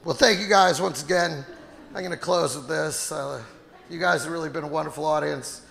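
A male stand-up comedian performing a loud, profane set on a club stage and shouting his punchlines into a handheld mic. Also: on the high side, normal speed, creaky, in a large hall. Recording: live club with crowd laughter and noise.

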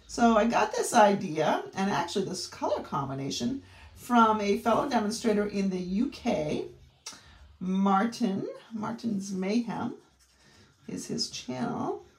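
A woman's voice: medium pitch, big pitch swings, a little slow, creaky. A middle-aged woman with a Maine accent, demonstrating a craft technique in a chatty way with rambling asides. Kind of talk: craft tutorial. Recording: roomy echo.

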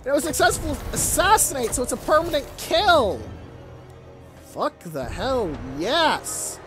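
A let's play gamer, giving animated, swear-heavy commentary while playing a strategy game. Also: high-pitched, a little slow. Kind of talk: casual gameplay commentary. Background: game music.

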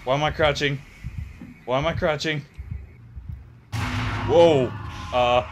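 A man's voice: a little high, fairly even intonation, slow, pauses often, slight background noise. A young man giving gameplay commentary on a horror game, joking and swearing with jumpy reactions. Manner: jokey, profane, jumpy reactions. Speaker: gamer playing a horror game.

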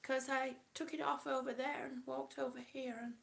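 A woman's voice: sits high, little pitch movement, moderate pace, gravelly. A woman from Kansas on oxygen, chatting casually to her live-stream viewers, short of breath and greeting them by name. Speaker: vlogger reading live chat.

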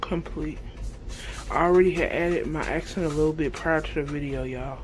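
A woman's voice: low-pitched, normal speed, slight background noise. A woman vlogger chatting casually to her viewers while cooking in her home kitchen. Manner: chatty, talks straight to viewers, playful. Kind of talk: casual cooking chat to camera.

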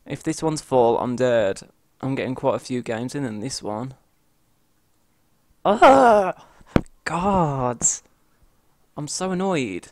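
A man's voice: mid-range voice, unhurried, no room sound. A man from the UK with a British accent, commenting on his own gameplay and yelping and grumbling at the game. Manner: excitable, yelps and grumbles at the game. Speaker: gamer. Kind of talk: let's play commentary.

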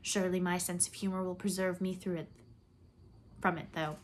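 A dreamy, humorous young woman talks with whimsical sentiment, as a woman voices her in a read-aloud novel. Her pitch sits fairly low and she speaks softly. A faint hiss sits behind her. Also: flat delivery, normal speed, lightly acted. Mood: wistful.

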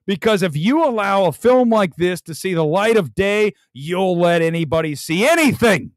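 A man's voice: high voice, moderate pace, dry recording. A male host ranting about a movie on a live stream, mocking it and laughing often as he talks. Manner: animated, mocking, laughs a lot while ranting.

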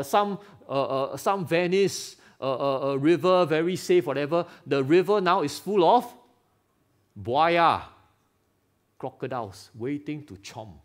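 A man preaching a lively sermon in Singaporean English, firing rhetorical questions and teasing members of the congregation by name. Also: a little high. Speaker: pastor. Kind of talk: live sermon. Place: church hall.

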